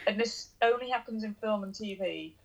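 A woman's voice: mid-range voice, normal speed, vocal fry, a crowd in the background, poor audio. A woman in a casual chat, adding dry, wry remarks while her co-host retells a film. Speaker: podcast co-host.

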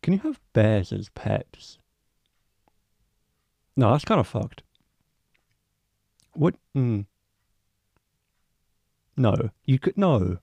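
A young man talks through his solo podcast in a rambling, casual way, cursing freely and poking fun at himself. His voice sits low and mellow with a gravelly edge. The recording is close and dry. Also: big pitch swings, drawn-out words, pauses often, no room sound. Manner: rambling, swears freely, self-mocking asides. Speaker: podcast host.

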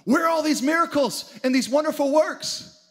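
A man's voice: very high voice, normal speed, a bit bright. A man preaching a sermon with dramatic energy, acting out the story's characters in his own voice. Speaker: pastor.

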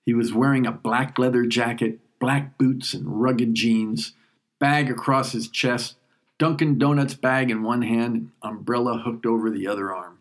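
Here a New York man shares a personal story in a steady, mid-range tone. His delivery is reflective and heartfelt, and he takes his time, giving moments room to breathe.

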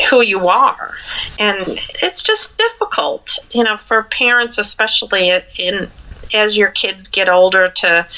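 A woman's voice: medium pitch, bright, forceful tone, rough recording. A middle-aged woman co-hosting a podcast, talking in an earnest, reflective way with many fillers and restarts. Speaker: podcast co-host. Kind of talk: casual podcast conversation.

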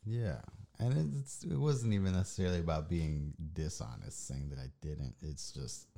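A man in his thirties co-hosting a casual chat, relaxed, with short replies and easy laughs. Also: low-pitched, moderate pace, vocal fry. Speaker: podcast co-host.

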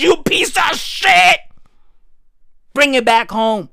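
Young South African woman, shouty profane comic rant, high voice leaping all over, slow and dry. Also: expressive, no room sound. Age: young adult. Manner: loud, profane, emphatic, often shouting. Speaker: comedian. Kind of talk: comedic rant.

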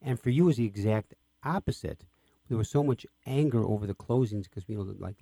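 A man's voice: fairly low pitch, a little fast, dark tone, dry recording, clean studio sound. A man hosting an interview who asks questions with enthusiasm. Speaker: host, interviewer. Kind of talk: radio interview.

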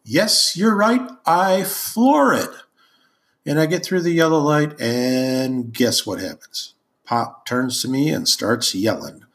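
A man's voice: medium pitch, lively intonation, slow, fairly bright tone. A man hosting a podcast, telling a childhood story in a rambling, amused way with many ums and uhs. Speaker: podcast host. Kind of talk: casual storytelling monologue.

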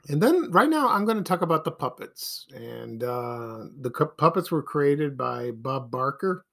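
A man hosting a casual solo podcast, talking in a hesitant, halting way and chuckling between points. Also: mid-range voice, animated, creaky, pushed and bright. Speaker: podcast host.

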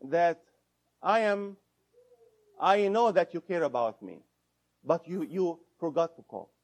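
A man teaching a room of listeners, speaking at a slow, deliberate pace. His voice sits a little higher than most men's. He repeats key points and stops to quiz the audience. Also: expressive. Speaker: instructor. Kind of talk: interactive lecture to an audience.

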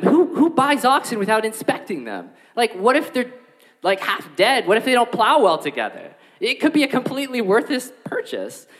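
Animated male preacher in a reverberant hall. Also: very high voice, moderate pace. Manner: animated, acts out the excuses with playful voices. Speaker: pastor. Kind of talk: sermon.

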